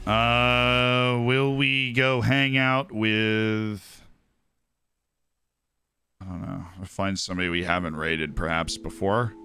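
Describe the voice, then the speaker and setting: A man's voice: fairly low pitch, steady tone, slow pace, pushed and bright, soft background music. A man streamer giving casual, upbeat commentary on his game and thanking viewers by name. He is tired and his voice is starting to go.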